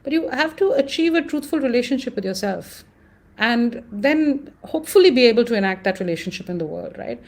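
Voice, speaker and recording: In this conversational interview, the guest is a woman whose Indian English accent carries a voice pitched a touch high. She comes across as animated and reflective, frequently stopping to use filler words.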